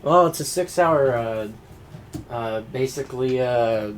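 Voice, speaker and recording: A man's voice: mid-range voice, unhurried, a little hiss or hum. A young man co-hosting a podcast, bantering crudely, swearing freely and laughing often between filler words. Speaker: podcast co-host.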